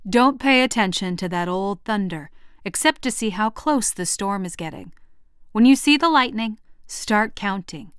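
A woman reading a picture book aloud, voicing a kind, patient old farm grandmother who coaxes in a calm, folksy way. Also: medium pitch, moderate pace, clear, resonant tone, dry recording, clean studio sound, natural voice. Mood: coaxing.

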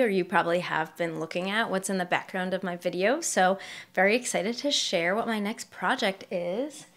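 Young woman, mild Massachusetts accent, easygoing host chatting through her crafts. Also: mid-range voice. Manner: chatty, laughs lightly, thinks aloud while showing work. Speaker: knitting podcast host. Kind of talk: casual show-and-tell chat.

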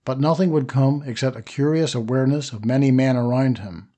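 Husky guy reading a sci-fi short story aloud, steady storytelling, mid pitch. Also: brisk. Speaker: audiobook narrator. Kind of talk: scripted narration.

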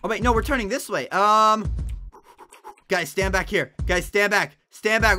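Young male gaming streamer, high and bright, excitable and stammering, light game music underneath. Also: moderate pace. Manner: excitable, stammering restarts, frequent laughs. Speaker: gaming livestreamer. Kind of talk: live gameplay commentary.

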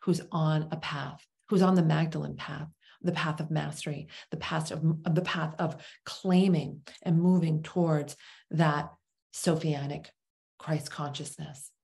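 A woman with a fairly low voice, teaching spirituality through a parable. She speaks slowly with long dramatic pauses and sinks to a hush on the words she stresses. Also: steady tone, vocal fry. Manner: slow, dramatic pauses, drops to a whisper on key words.

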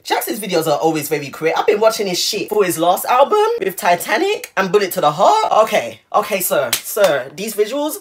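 A man's voice: high voice, very animated, brisk, hardly any pauses. Sassy man with a wildly swooping voice. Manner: sassy, exclamatory, flamboyant. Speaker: reaction YouTuber. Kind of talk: music video reaction commentary. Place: apartment on a top floor. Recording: music video playing loudly behind. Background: music.

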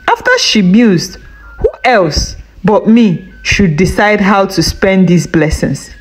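A woman with a Nigerian accent narrating a scripted folktale in an expressive, sing-song way. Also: medium pitch, low-quality recording. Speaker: storyteller.

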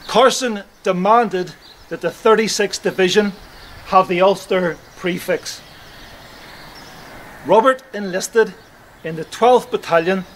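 Slow, solemn man outdoors. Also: high-pitched, rough recording. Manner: measured, solemn delivery. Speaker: memorial service speaker. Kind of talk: commemorative historical address. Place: outdoors at a churchyard. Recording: outdoor recording with faint ambient noise.

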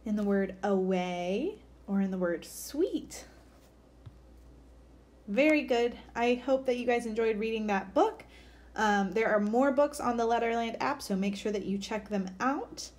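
Woman teacher, children's reading lesson, encouraging, upbeat, slightly high voice. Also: unhurried, darkish tone.

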